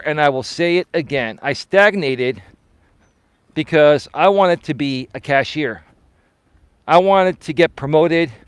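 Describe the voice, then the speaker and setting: Brief: middle-aged man, coach hosting a walking live stream, dry close phone sound, fairly high voice, animated storyteller who acts out the people he quotes. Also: dry recording. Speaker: life coach and host. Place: outdoors while walking.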